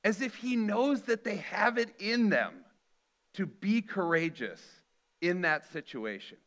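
A man's voice: high-pitched, animated, a little slow, a bit bright. A middle-aged man preaching a sermon earnestly, acting out the quoted lines with feeling. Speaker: pastor.

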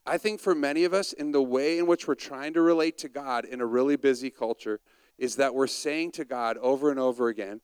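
A man's voice: medium pitch, brisk, a little mellow, clean tone, no echo. A man preaching a conversational sermon and asking the audience questions.

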